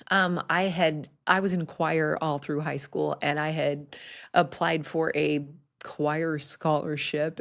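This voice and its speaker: Woman, podcast host, low voice, gravelly, candid storytelling, animated. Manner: candid, animated, frequent laughs and asides. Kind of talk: personal storytelling.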